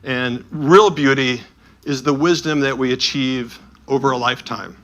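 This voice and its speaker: A man giving a talk, telling lively anecdotes with quick asides and acting out the people in them. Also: mid-range voice. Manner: animated anecdotal storytelling with asides. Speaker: speaker touring with a Bible edition. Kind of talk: storytelling talk.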